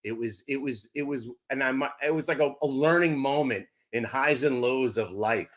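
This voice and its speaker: Excitable middle-aged man talking sports. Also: mid-range voice, normal speed. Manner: loud, excitable. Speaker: guest. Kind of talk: casual chat.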